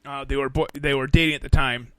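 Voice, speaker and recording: A man's voice: medium pitch, fast talker, clean tone, no echo. A man in casual, crude podcast banter, telling a story with lots of swearing and acted-out quotes. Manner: animated storyteller, swears a lot, acts out quotes. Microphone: podcast studio mic.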